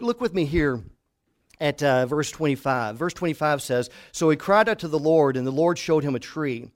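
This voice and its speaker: A middle-aged pastor preaching a sermon to his congregation, telling stories and dropping to a hush for emphasis. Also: fairly high pitch. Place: church hall before a congregation.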